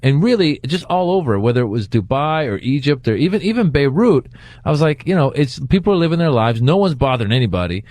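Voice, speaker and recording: A middle-aged man from Iran, a comedian guest telling stories in casual chat, full of fillers and quick restarts. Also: mid-range voice, no echo. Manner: animated storytelling with many fillers.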